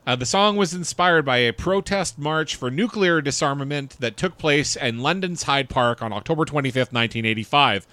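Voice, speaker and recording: A man's voice: fairly high pitch, normal speed, hardly any pauses, sharp tone, no echo. A man co-hosting a podcast in casual chat, reading facts and chart lists aloud and chuckling along. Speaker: podcast co-host.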